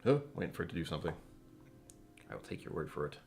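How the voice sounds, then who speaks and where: Lively-voiced man hosting a home whiskey stream. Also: extremely low pitch, quick pace, gravelly, soft background music. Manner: rambling, joking, self-interrupting. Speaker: whiskey channel host. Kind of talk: casual live-stream tasting chat.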